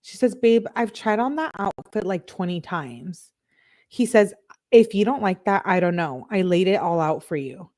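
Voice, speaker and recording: A young woman reads text messages aloud in a casual commentary style, breaking off with incredulous asides. Her pitch sits in an ordinary middle range for a woman. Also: expressive, moderate pace, darkish tone. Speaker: true crime commentator.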